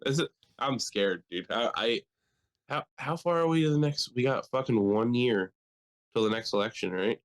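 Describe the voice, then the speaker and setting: A young man from Delaware co-hosts a casual podcast at an average pitch. He talks loosely and profanely and keeps joking, often dropping into mocking impressions of other people. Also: normal speed. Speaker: podcast co-host. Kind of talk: casual chat.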